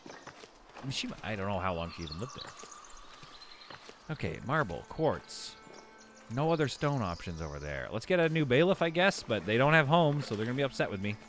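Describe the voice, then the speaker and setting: A man's voice: mid-range voice, very animated, a little fast, fairly bright tone, slight background noise. A man giving casual live commentary while he plays a city-building game, rambling and correcting himself as he thinks aloud.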